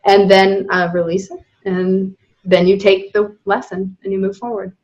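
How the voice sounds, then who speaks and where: A woman's voice: medium pitch, level tone, normal speed, a little mellow, muffled recording. A woman guest on a podcast, talking candidly and animatedly, often breaking into laughter. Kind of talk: casual spiritual conversation.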